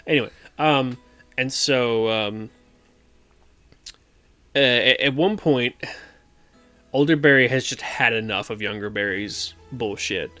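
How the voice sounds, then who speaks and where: A man's voice: mid-range voice, slow pace, long pauses, bright, forceful tone, no echo. Rambling male streamer, faint music behind. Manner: rambling, filler-heavy, swearing, acts out quotes. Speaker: streamer host. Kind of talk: casual chat recapping a film.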